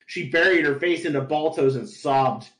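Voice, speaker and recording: A man hosting a podcast, narrating a story in a flat voice with stumbles and laughs. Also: fairly high pitch, normal speed. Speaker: podcast host, reader. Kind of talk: comedic fan-story narration. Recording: roomy echo.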